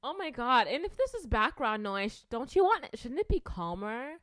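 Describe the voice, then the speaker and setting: A woman's voice: a little high, big pitch swings, normal speed, a bit bright, dry recording. A young woman rambling casually through her thoughts, with lots of fillers and restarts. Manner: chatty, filler-heavy, self-conscious, restarts often. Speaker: video creator.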